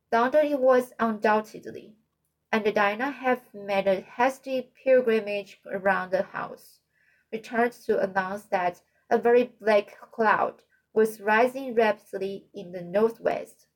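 A woman reading a novel aloud as audiobook narrator, halting with frequent slips and restarts. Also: mid-range voice, low-quality recording.

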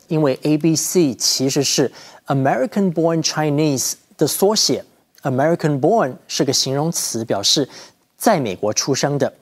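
A man from Taiwan teaches English vocabulary, switching between Mandarin and English. He explains each point in a clear, measured way, like a lesson host. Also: on the high side. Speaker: bilingual language teacher.

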